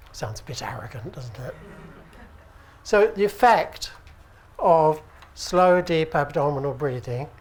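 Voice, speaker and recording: A British man teaching at an acupuncture conference, speaking in a relaxed, conversational way and often checking with the audience. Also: a little high. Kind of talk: conference lecture. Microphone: handheld microphone.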